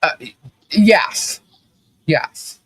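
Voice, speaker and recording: A man's voice: a little high, animated, very slow, fairly bright tone, breathy edge, dry recording, poor audio. A man co-hosting a podcast, telling a story in casual commentary, acting out quotes with laughing asides. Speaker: podcast co-host.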